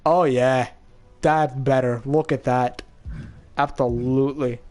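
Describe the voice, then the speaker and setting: A young man chatting excitedly as he comments on his own gameplay, laughing often. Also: medium pitch, slow pace. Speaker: gaming YouTuber.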